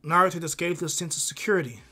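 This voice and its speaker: A man's voice: a little high, fast, pushed and bright. A man casually telling an improvised fan-fiction story, rambling with many restarts.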